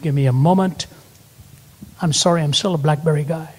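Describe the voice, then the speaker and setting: Older guy preaching, kinda high-pitched, big echoey hall, tells stories and builds up. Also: fairly quick, a little mellow, slight background noise. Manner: storytelling, rising to emphatic peaks. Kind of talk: sermon with stories. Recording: long hall reverb.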